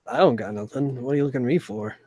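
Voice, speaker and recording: A man's voice: medium pitch, fast talker, dark tone, breathy edge, no room sound, voice pushed down, close to an everyday voice. A man voicing a nervous young human jailer who dodges questions. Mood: defensive. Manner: evasive, hesitant, defensive.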